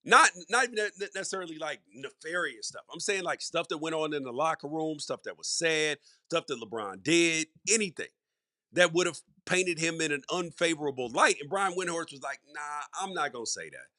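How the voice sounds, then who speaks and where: Middle-aged guy doing a solo sports podcast rant, bright tense voice, dry close mic, leans hard on repeats. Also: a little high, expressive, fairly quick, no echo. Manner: conversational, emphatic, repeats for stress. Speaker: podcast host.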